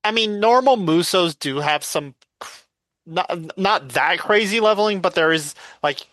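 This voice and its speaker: A man's voice: high-pitched, animated, unhurried, fairly bright tone, no echo. A man co-hosting a casual gaming news podcast, rambling and correcting himself as he talks. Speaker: podcast co-host.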